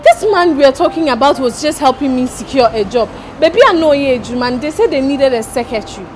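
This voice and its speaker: A defensive Ghanaian woman explains herself in a high voice. Clear background music runs under the scene. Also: lively intonation, brisk, a little mellow. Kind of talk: Ghanaian film acting.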